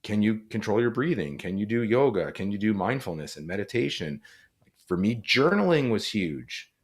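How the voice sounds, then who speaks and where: Low-voiced earnest male guest. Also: big pitch swings, normal speed. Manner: earnest, reflective, frequent "like" fillers. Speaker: guest, former police officer and author. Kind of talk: conversational interview.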